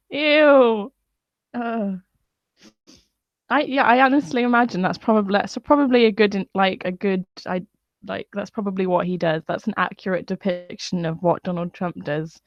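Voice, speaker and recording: A woman's voice: on the low side, dry recording. A woman venting in a profane, scornful live-stream rant. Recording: dull lo-fi dry sound.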